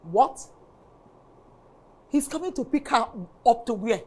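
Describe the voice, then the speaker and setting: An actress playing a scheming, domineering middle-aged mother with a Nigerian accent, indignant and forceful. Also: a little high, animated, takes it slowly. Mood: shocked. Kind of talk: Nollywood film acting.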